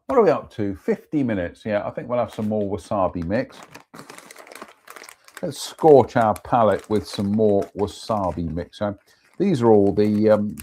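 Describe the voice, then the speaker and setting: Guy reading ghost stories on a live stream, mellow low-key voice, jokey asides. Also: a little hiss or hum. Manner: chatty, self-mocking asides between readings.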